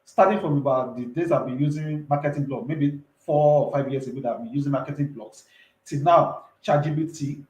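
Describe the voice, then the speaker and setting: A man's voice: a little high, brisk, a little mellow, roomy sound, rough recording. A man, talking earnestly and emphatically as an entrepreneur guest in a casual interview, often repeating himself.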